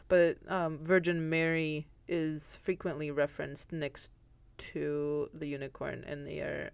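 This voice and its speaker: A young woman with a fairly low voice co-hosts a casual chat. She stumbles through her notes with ums and little giggles. The sound is close and dry, with no room around her. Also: gravelly, no echo. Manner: halting, many fillers and restarts, giggly. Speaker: podcast co-host.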